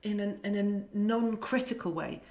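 A woman's voice: mid-range voice, normal speed, dark tone. Reflective British woman in a roomy space. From United Kingdom. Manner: thoughtful, self-deprecating. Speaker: guest, sports presenter. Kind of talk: casual interview chat. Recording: roomy echo.

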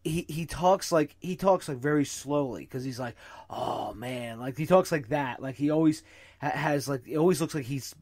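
A man's voice: a little high, moderate pace, a little mellow, no echo. A man hosting a podcast, chatting casually, stammering and laughing as he tells stories. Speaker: podcast host. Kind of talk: casual interview chat.

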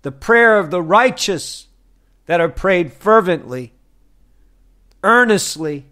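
Man, preacher, fervent sermon, high voice, lively swooping pitch, slow deliberate delivery. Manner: fervent, rhetorical questions to listeners. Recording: broadcast sermon.

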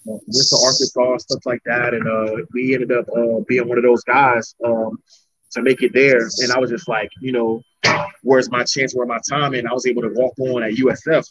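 A man's voice: mid-range voice, flat delivery, normal speed, fairly bright tone, no room sound. A young man from Florida, an MMA fighter telling his story in a rambling, casual interview. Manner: rambling, restarts sentences often. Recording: dull lo-fi recording.

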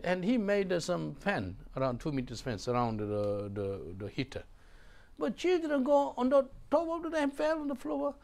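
A middle-aged pastor with a gravelly voice preaches in halting, broken English. He swings between low murmurs and sudden loud exclamations.

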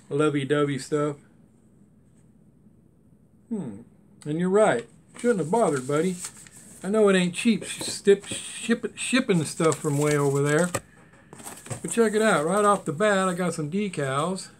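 A chatty man with a voice that sits a bit high for a man. He talks in a loose, folksy way, rambling from one thought to the next. The tone is casual and homespun. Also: slight background noise. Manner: chatty, folksy and rambling, with Southern-style grammar. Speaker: die-cast car hobby vlogger. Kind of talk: casual rambling unboxing chat.

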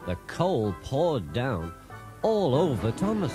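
A man narrating a children's storybook in an expressive, animated way, with music behind. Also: medium pitch, measured pace.

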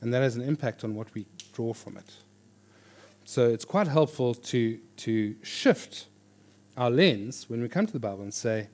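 A man teaching a church class on reading the Bible, in a lively, joking conversational way. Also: mid-range voice, a little slow. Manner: animated, jokey, with lively quoted voices. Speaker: pastor teaching a Bible course. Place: church hall before an audience.

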